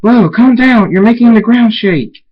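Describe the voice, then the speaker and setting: A startled young male pony from a fan storybook, calling out high and loud in alarm, as a man puts him on. He sounds jumpy and urgent. The audio is dull and lo-fi. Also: very animated, normal speed, a little hiss or hum.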